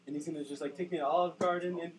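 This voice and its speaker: A dreamy, doting wife rambles on about her husband, put on by a young man. The voice is fast and fairly high, and the far-off mic adds faint hiss. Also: fairly even intonation, lightly acted. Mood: gushing. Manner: gushing, rambling.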